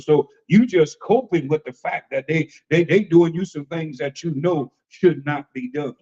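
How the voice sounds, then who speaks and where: A man preaching conversationally as an apostle, folksy and animated, often repeating phrases and acting out the voices he quotes. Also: fairly high pitch, normal speed, few pauses, muffled recording. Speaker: apostle and preacher leading a discussion.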